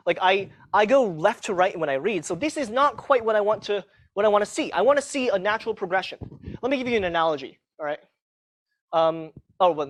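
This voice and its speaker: A man's voice: sits high, a bit bright. A man teaching a live university class in a casual, self-mocking way, often checking in with the students. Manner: casual, self-mocking, tags sentences with "okay?". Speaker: university lecturer. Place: lecture hall.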